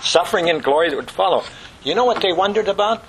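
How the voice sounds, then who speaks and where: A man preaching a sermon with passion, rising to loud exclamations and dropping to hushed whispers, asking the congregation rhetorical questions. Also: high-pitched, expressive, quick pace, husky, rough recording.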